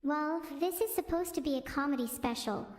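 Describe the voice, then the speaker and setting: A synthetic female voice streaming casual stand-up style chat, with flat text-to-speech delivery and self-absorbed jokes. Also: high-pitched, a little fast, reverberant, in a large hall.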